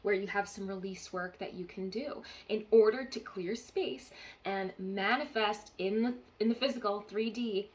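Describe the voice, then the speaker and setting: A woman's voice: medium pitch, moderate pace. A woman giving a live-streamed channeled card reading as a spiritual healer, earnestly repeating key phrases and checking in with listeners.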